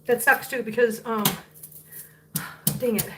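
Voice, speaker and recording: Cooking live from her home kitchen, this host chats casually, laughs a lot, and coos baby talk at her cats. Her voice is on the high side, slow, with fairly even intonation. Faint noise and a distant mic give the echoey room a hollow sound.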